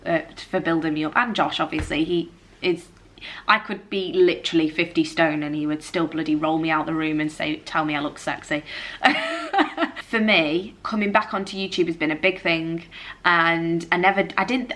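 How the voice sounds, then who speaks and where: A young British woman speaks straight to her audience in a candid vlog. Her voice sits a little low for a woman, and she talks in a loose, confessional way, filling her sentences with "like". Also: a bit bright. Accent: British English. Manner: chatty and confessional, leans on "like", slips into emotional moments. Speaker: vlogger. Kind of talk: candid personal vlog chat.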